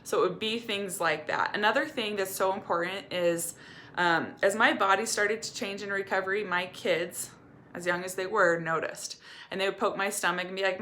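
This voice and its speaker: A woman's voice: mid-range voice, fairly quick, sharp tone. A woman recovery coach giving candid, earnest personal advice to camera. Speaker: eating disorder recovery coach.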